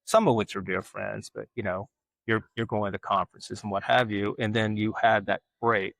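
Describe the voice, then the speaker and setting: A man's voice: fairly low pitch, fairly even intonation, moderate pace, vocal fry, a bit bright, no echo, poor audio. A man, a guest telling rambling, self-mocking stories in casual interview chat. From Alabama. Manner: rambling, self-mocking storyteller who acts out quoted voices. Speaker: guest artist.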